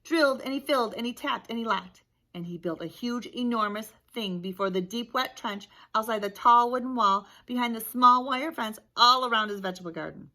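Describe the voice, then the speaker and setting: A woman teacher reading a picture book aloud to young children, with lively gasps and questions. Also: fairly high pitch, a little fast, few pauses. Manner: animated storytelling, gasps and asks questions. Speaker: preschool teacher.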